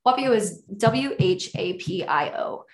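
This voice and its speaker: An enthusiastic, effusive woman shares what she knows about birth in a loose, casual podcast chat. Her voice sits at an ordinary middle pitch. It rings with the echo of the room. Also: animated, a little slow. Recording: echoey room.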